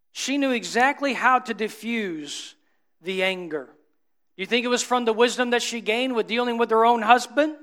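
High-voiced man preaching a sermon. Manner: rising to emphatic peaks, then dropping low and soft; asks the congregation rhetorical questions.

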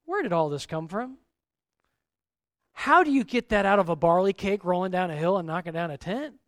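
A male pastor preaching a sermon, animated, acting out the lines of the Bible's figures. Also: high-pitched, moderate pace, no room sound, clean studio sound.

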